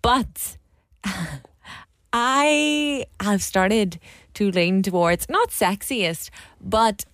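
A woman with a Northern Irish accent co-hosting a podcast in casual chat, gushing and quick to laugh. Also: mid-range voice, animated, fairly bright tone, no echo, studio quality. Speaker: podcast co-host.

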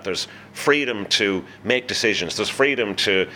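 Irish brewery man, middle-aged, enthusiastic, low voice with a bright, forceful edge. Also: unhurried, slight background noise. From Ireland. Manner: passionate, animated, repeats words when starting sentences. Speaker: brewery staff member. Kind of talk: enthusiastic interview answers.

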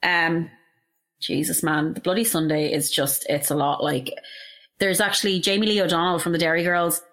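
A woman's voice: lowish voice, steady tone, normal speed, fairly bright tone. A young woman in casual chat, talking with heated emotion and frequent swearing. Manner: impassioned, emotional, swears freely.

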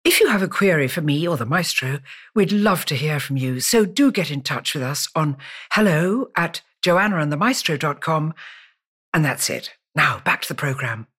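A woman's voice: low-pitched, expressive, normal speed, a bit bright, breathy edge, no room sound, clean studio sound. A woman hosting an interview show, laughing easily and chatting casually. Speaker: host.

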